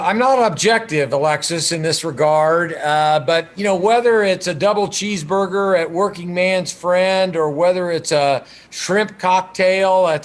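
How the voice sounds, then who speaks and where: High-pitched guy, mayor type, friendly, rambles and hems and haws a lot. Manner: friendly, rambling, hesitant with many fillers. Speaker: big-city mayor, interviewee. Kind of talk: relaxed interview banter.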